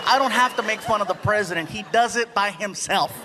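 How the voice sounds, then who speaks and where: A man performing a stand-up comedy set before a live audience, animated and acting out quotes. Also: sits high, brisk, a loud crowd. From United States. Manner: animated, acts out voices and quotes. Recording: live audience laughter, background noise.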